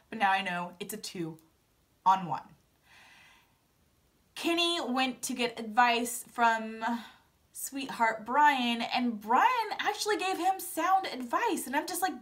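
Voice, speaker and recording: Her voice is fairly high and a bit bright as this young recap vlogger casually covers a reality TV episode. She chats dramatically, acting out how she reacted with playful quotes and asides.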